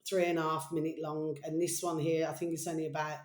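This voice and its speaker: Speaking fast in a low, flat voice, this video host records in an echoey room. She rambles affectionately through her chatty vlog, wandering between subjects, addressing viewers as "babies," and breaking into hums and bits of song.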